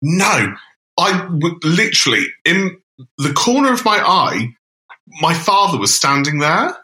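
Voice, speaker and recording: A man's voice: a little high, big pitch swings, measured pace, bright, forceful tone. A man co-hosting a podcast, chatting casually and telling stories with laughs and exclamations. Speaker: podcast co-host. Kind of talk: casual chat. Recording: roomy echo.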